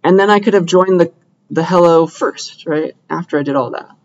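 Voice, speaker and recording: A man's voice: on the high side, moderate pace, a little hiss or hum. Upbeat male lecturer, lo-fi classroom sound. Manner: upbeat, asks checking questions often. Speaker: computer science lecturer. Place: lecture room.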